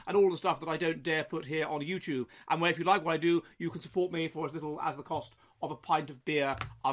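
A man's voice: on the high side, a bit bright. A man hosting his own commentary vlog, lecturing emphatically with frequent restarts. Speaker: host.

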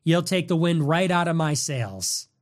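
High-pitched man in an angry rant. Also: animated, measured pace. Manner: angry, combative ranting. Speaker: political show host. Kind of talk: political monologue.

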